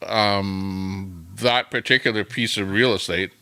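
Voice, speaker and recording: A man's voice: sits low, fairly even intonation, slow, sharp tone, clean tone, dry recording. A man hosting a live stream, chatting casually and reading from the screen. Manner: chatty, reads along from the screen. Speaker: stream host.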